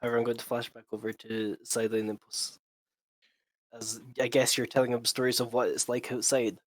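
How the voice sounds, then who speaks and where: A game master narrating a tabletop session in an even, middle-pitched voice with frequent fillers. The sound is dry and close to the mic. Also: fairly quick, no echo.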